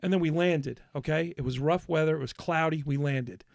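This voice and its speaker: A man's voice: on the high side, brisk, gravelly, darkish tone, dry recording, studio quality. A man on a podcast, ranting in a worked-up, swearing rush while telling a story in casual chat. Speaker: podcast co-host.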